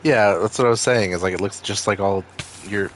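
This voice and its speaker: The speaker, a man with a Maine accent, talks briskly in a lowish voice while streaming a video game. He chats with viewers in a loose, rambling way and swears freely, with a little hiss or hum in the recording.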